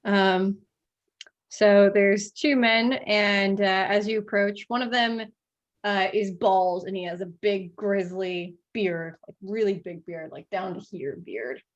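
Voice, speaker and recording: A woman narrating a tabletop game as game master, relaxed and chatty, with frequent ums. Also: mid-range voice, slow pace, muffled recording.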